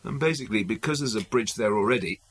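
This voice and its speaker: A man's voice: fairly low pitch, expressive, fast, slight background noise, close to an everyday voice. An actor playing a friendly, chatty rural family man in a radio drama. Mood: easygoing. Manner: easygoing, chatty.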